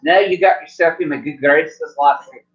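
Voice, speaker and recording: A man voicing a fussy, chatty male gnome shopkeeper with a high, genteel manner. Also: moderate pace, fairly bright tone, soft background music, natural voice. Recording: muffled lo-fi recording.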